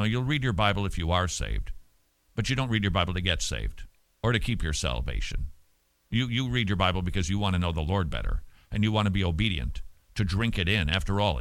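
A man hosting a radio show, preaching with emphatic stresses and sudden loud words. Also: on the low side, no echo. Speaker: radio host.

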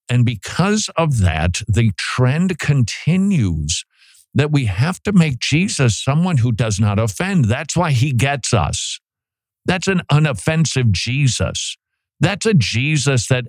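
A male pastor delivers a sermon with a lively, swooping pitch that rises and falls on every point. He is emphatic and often stumbles over repeated words as he presses ahead. The sound is dry and close, with no room echo. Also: unhurried. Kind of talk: expository sermon.

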